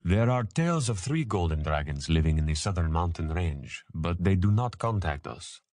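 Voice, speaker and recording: A man's voice: deep voice, lively intonation, normal speed, dry recording, studio quality. A man voicing a proud, solemn leader. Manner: soft, proud, grave. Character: powerful, caring grown man, proud and solemn.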